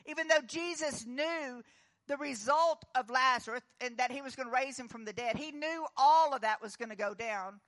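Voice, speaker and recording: A woman pastor giving an earnest, comforting sermon, dropping to a hush and then rising with emphasis. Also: sits high, normal speed. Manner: earnest, comforting, moves between hushed and emphatic.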